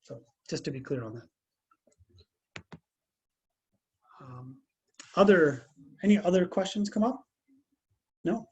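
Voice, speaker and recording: A man's voice: fairly high pitch, slow, long pauses, husky. A man giving a casual religious lesson over a video call, talking conversationally and telling stories with lots of restarts. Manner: conversational, animated storytelling with many restarts. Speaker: Islamic class teacher.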